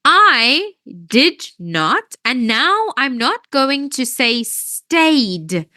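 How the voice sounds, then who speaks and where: A woman's voice: high voice, big pitch swings, very slow, pushed and bright, no room sound. A woman teaching English grammar in an online lesson, explaining patiently step by step and often checking that students follow.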